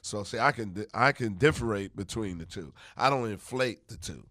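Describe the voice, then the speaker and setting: A man's voice: fairly low pitch, expressive, fairly quick, dry recording. A middle-aged man, a comedian, riffing in a brash, profane way during a studio podcast chat. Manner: brash, profane, shouting bits. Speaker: comedian guest. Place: radio studio. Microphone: studio mic.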